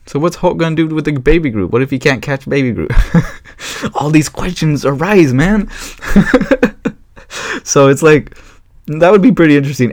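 A man hosting his own podcast in a casual solo chat, rambling and excitable with many fillers and restarts. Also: mid-range voice, dry recording, studio quality. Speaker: podcast host.

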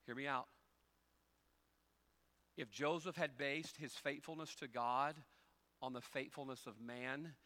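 A man preaching a sermon as pastor, folksy and conversational, moving between quiet storytelling and loud, rising exhortation. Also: mid-range voice.

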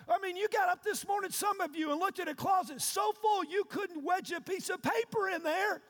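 A man preaching a sermon, shouting and calling out questions to his congregation. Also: extremely high pitch, moderate pace. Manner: preaching with loud shouted call-and-response. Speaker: pastor. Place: church sanctuary. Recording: long reverb of a large hall.

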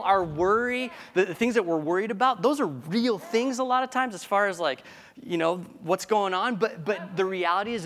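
A male pastor delivers a sermon in a casual, conversational way. His voice sits a little high for a man, and he often restarts phrases mid-thought. He keeps checking in with his listeners with quick questions. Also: fairly bright tone. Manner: conversational preaching with frequent restarts and questions to the congregation.

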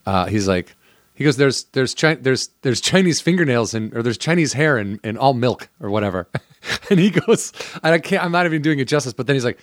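A man's voice: medium pitch, animated, brisk, no echo. Rambling storytelling man, dry sound. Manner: rambling storyteller, acts out quotes. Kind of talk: casual comedic chat.

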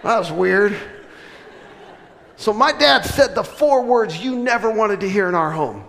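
A middle-aged man preaching a sermon, telling a funny family story with laughs, then building to loud, emphatic preaching. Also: on the high side, moderate pace, gravelly. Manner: animated, joking, with laughs and sudden loud preaching. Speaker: pastor. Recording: long reverb of a large hall.

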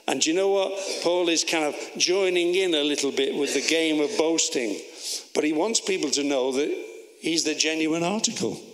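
A man gives a lively sermon in a high voice, teasing his listeners with questions. He reads scripture with rising emphasis. His voice carries a long reverb, as if in a big church hall. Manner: playful, asks the audience to sit down or stand. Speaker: preacher.

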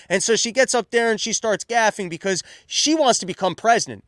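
A man's voice: high-pitched, dry recording. Sarcastic male commentary host, dry sound. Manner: sarcastic, animated, riffing. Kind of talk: casual political commentary.

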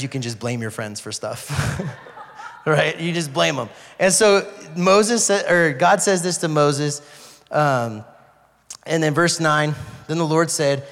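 A man's voice: on the high side, gravelly, fairly bright tone. Joking man teaching in a hall. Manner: chatty, joking, acts out quotes in bursts. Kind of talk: casual Bible teaching. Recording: long hall reverb.

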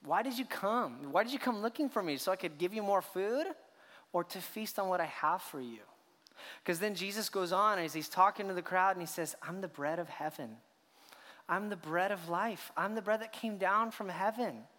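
A man's voice: sits high, moderate pace, sharp tone. A man preaching a sermon as a pastor, telling the story with rhetorical questions and acted reactions. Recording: long hall reverb.

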